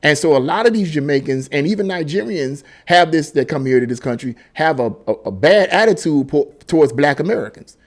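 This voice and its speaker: Emphatic, rambling man with a higher voice. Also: lively intonation, a little fast, few pauses. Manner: rambling, emphatic, many restarts and repeated words. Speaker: political commentary vlogger. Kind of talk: casual opinion monologue.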